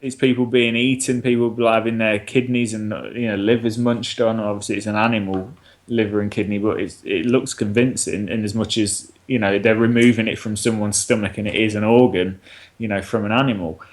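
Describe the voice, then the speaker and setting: A man's voice: on the low side, fairly even intonation, fairly quick. A man co-hosting a podcast, talking casually about films, swearing, laughing and acting out lines. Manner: sweary, laughing, acts out quoted dialogue. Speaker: podcast co-host. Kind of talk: casual film review chat.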